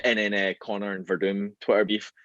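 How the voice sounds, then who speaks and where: A man's voice: lowish voice, little pitch movement, brisk, bright, forceful tone, dry recording, dull audio. A man with a Glaswegian Scottish accent chatting casually as a podcast guest, rambling with lots of fillers and restarts. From Scotland. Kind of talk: casual chat.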